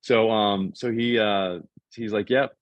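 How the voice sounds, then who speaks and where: A man in his fifties from the US East Coast, telling a business story in casual, animated chat and acting out what other people said. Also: on the low side, no echo. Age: 50s. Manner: animated, fast, acts out other people's quotes. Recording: dull, dry, lo-fi sound.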